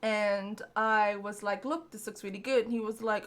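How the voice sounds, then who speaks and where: A woman's voice: mid-range voice, unhurried. Blunt, laughing young woman podcaster. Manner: blunt, profane, laughing storyteller. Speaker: podcast co-host. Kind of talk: casual chat.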